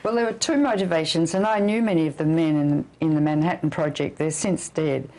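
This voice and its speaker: A woman's voice: low voice, a little fast, darkish tone, poor audio. An older woman physician giving an interview, talking emphatically and issuing blunt warnings. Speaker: physician and anti-nuclear campaigner. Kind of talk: interview guest.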